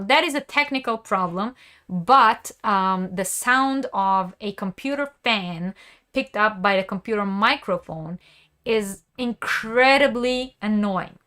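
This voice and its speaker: Woman, live stream host, casual chat, reads viewer comments aloud, bright voice. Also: mid-range voice, slow. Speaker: crochet channel host.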